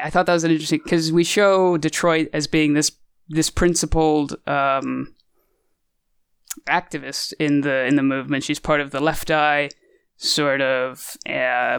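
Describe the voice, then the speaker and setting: A man's voice: a little high, vocal fry, a bit bright, clear, resonant tone, no echo, clean studio sound. A man casually discussing a movie on a podcast, rambling and hesitant with many fillers. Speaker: podcast co-host.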